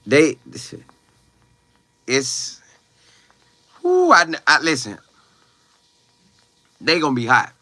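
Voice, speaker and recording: A man's voice: fairly high pitch, very animated, slow, long pauses, pushed and bright, no echo, clean studio sound. Young man chatting loosely on a livestream. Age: young adult. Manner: loose, slangy, chatty, with exclamations. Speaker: college football player livestreaming. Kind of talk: casual live chat, reading viewer comments aloud.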